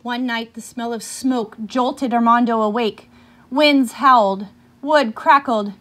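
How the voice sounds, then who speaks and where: A woman reading a picture book aloud, pausing now and then to ask her listeners questions about the story. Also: on the high side, steady tone, a bit bright.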